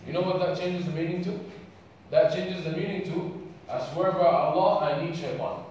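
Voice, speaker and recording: Camp speaker, male, from Sudan, higher-pitched, echoey hall recorded from afar. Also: fairly even intonation, normal speed, a little mellow, a little hiss or hum. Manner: engaging, asks audience questions. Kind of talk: religious talk to youth. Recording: echoey hall, distant mic.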